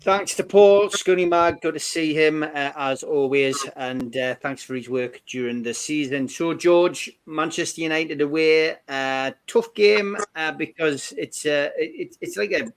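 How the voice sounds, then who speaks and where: A man's voice: a little high, unhurried, few pauses, clear, resonant tone. A man hosting a fan football podcast, reading match stats with frequent fillers. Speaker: podcast host.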